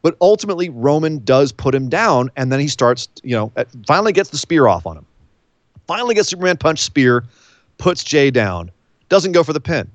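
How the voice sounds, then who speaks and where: Animated man recapping a wrestling match. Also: fairly high pitch, brisk, no room sound, lo-fi sound. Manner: animated storytelling, acts out quotes. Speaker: podcast co-host. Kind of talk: casual wrestling recap chat.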